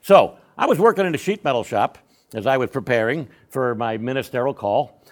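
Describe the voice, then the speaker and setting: Older man, folksy church storyteller, lively pitch, lots of restarts. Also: brisk. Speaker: Sunday school speaker. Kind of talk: storytelling testimony in a church class.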